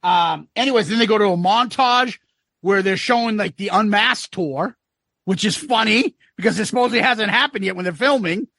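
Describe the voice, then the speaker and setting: Man cohosting a podcast, swears a lot, bright voice, dry close mic. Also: sits high, normal speed, gravelly, no room sound. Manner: swears freely, jokey retelling. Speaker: podcast co-host. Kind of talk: casual chat.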